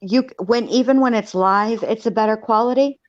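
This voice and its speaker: A woman's voice: on the high side, a little fast, no room sound. Emphatic guest woman over a lo-fi call. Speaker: guest commentator. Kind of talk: casual livestream discussion. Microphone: video call. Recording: dull lo-fi call audio.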